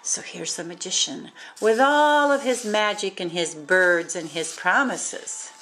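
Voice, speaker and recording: A woman reading a rhyming picture book aloud in a sing-song, animated way, adding exclaimed asides between verses. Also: lowish voice, measured pace, a little hiss or hum. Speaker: storybook reader.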